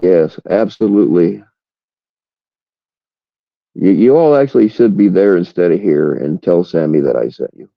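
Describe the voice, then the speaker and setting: A man with a very low, gravelly voice hosts a livestream, chatting loosely and rambling from one thing to the next, swearing freely. The recording is dull and lo-fi. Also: lively intonation, normal speed, long pauses, no room sound. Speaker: livestream host. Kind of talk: casual livestream chat.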